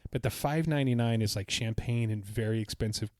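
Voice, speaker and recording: A man's voice: medium pitch, fairly quick, a little mellow, dry recording, studio quality. A man co-hosting a podcast, recounting his trip in a casual, enthusiastic, rambling way. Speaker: podcast co-host. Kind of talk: casual chat.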